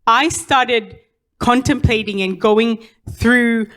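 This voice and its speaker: A woman's voice: fairly high pitch, slow, fairly bright tone. A young adult woman giving a personal testimony in church, telling her story with many fillers and restarts.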